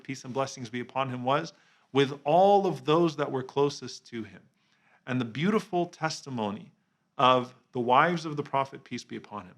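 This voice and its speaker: A man giving a reflective religious talk as a preacher, earnest and measured, slowing down on key phrases and dropping softly on the honorific blessings. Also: medium pitch. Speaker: Islamic preacher.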